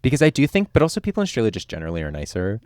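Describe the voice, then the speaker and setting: A man from New Jersey hosting a podcast, talking casually, swearing freely and acting out people in quick bits. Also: fairly low pitch, wildly swooping pitch, a little mellow, no echo, studio quality. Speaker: podcast host. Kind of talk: casual chat.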